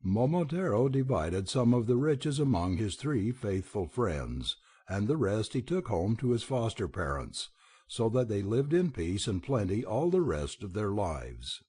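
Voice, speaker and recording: A man reading a children's storybook aloud in an expressive, animated narration. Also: on the low side, unhurried, slightly rough. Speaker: audiobook reader.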